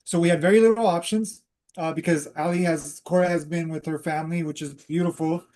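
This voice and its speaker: A man's voice: on the high side, fairly even intonation, fairly quick, darkish tone. A man hosting a talk, casually telling a personal story and drifting into spiritual teaching, with many fillers and restarts. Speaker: host.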